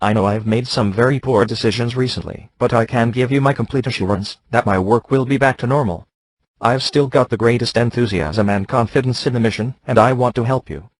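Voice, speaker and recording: A text-to-speech male voice reading the lines of a calm, polite ship computer in an even, unhurried way. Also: mid-range voice, dry recording, close to an everyday voice.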